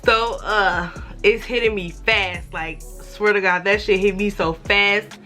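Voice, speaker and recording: Young woman vlogger, bright tone, animated and profane storyteller, acts out other voices, faint music underneath. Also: medium pitch, slow pace. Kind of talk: casual storytime.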